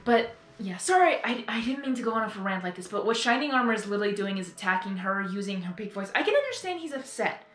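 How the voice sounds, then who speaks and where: A woman's voice: medium pitch, lively intonation, fast talker, few pauses, a bit bright. A woman reacting live to an audio drama, ranting earnestly and rambling, and often apologizing for going on. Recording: echoey room, faint music behind.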